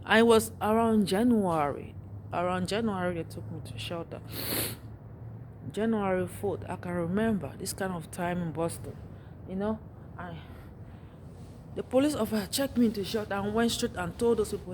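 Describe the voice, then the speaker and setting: Exasperated woman venting to camera, mid-range pitch, faint noise behind. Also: moderate pace, pauses often. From Africa. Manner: exasperated, repetitive, full of rhetorical questions. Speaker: vlogger.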